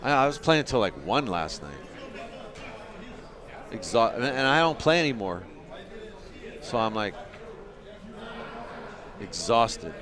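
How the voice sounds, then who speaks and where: A man's voice: mid-range voice, sing-song, slow pace, long pauses, crowd noise. A man giving casual live play-by-play commentary on a pool match, chatting and joking with his viewers.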